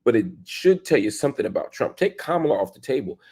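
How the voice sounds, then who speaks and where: A man in his forties hosting a show, delivering an emphatic opinion monologue full of rhetorical questions, swinging between loud and soft. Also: mid-range voice, sing-song, fast talker, slightly rough. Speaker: show host.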